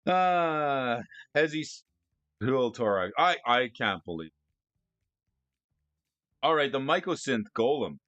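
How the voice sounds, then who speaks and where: A man streaming casually, excitable and often stammering through restarts as he talks about cards and gifts. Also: mid-range voice, slow pace, pauses often, no echo. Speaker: streamer discussing card prices. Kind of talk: casual live-stream chat.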